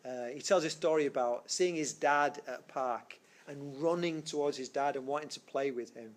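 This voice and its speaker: A man's voice: medium pitch, moderate pace. A man lecturing a physics class in a rambling way, full of fillers and restarts. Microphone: screencast recording.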